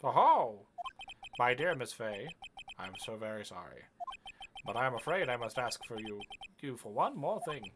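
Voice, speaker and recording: A streamer voicing a theatrical, menacing villain in a lowered voice, reading game dialogue aloud. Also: sing-song, moderate pace, pauses often, background noise, close to an everyday voice. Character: mysterious older man, smooth menacing schemer. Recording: game music underneath.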